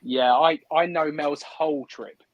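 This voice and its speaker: Unhurried and steady, with a slightly high voice, a man works in a hot shed under photography lights while hosting a live stream, chatting brightly and thinking out loud. The recording sounds dry and dull.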